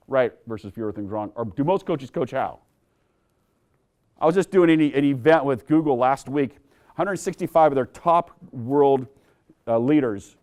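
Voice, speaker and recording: A middle-aged man giving a lively keynote talk on sales coaching to an audience. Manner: energetic, acts out dialogue with big pitch swings. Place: conference room with an audience.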